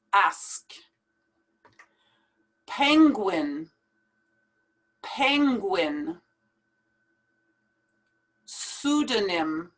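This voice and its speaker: A woman teaching English pronunciation, saying each word slowly and repeating it carefully. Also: medium pitch, a bit bright. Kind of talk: slow pronunciation lesson.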